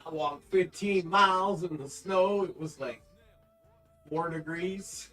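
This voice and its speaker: A man's voice: a little high, slow pace, a bit bright, faint music behind. A man co-hosting a casual chat, teasing and joking crudely. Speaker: co-host.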